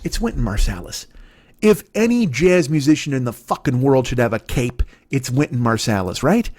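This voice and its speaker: A man's voice: mid-range voice, animated, normal speed, a little mellow. A man in his forties, a podcast host, delivering a rambling, profane comedic monologue that jumps from tangent to tangent. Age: 40s.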